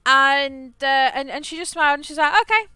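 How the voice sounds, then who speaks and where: A woman's voice: high-pitched, steady tone, moderate pace, bright, forceful tone, no echo, soft background music. A woman, chatting as she streams a game and telling a rambling story full of restarts. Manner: rambling storyteller, frequent restarts and repeated words. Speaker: livestreamer. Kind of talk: casual chat while playing a game.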